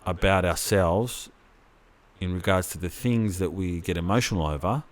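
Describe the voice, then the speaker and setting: A man with a very deep voice talks loosely on a podcast. He rambles, restarts his sentences and swears casually as he thinks aloud. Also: normal speed. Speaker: podcast co-host. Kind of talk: casual chat.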